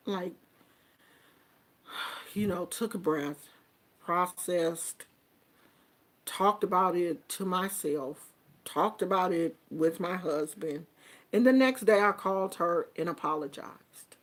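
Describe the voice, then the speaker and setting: A woman's voice: fairly low pitch, slow, long pauses. An older woman, a grandmother, talking earnestly and reflectively about family and communication in a casual monologue. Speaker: vlogger giving life advice.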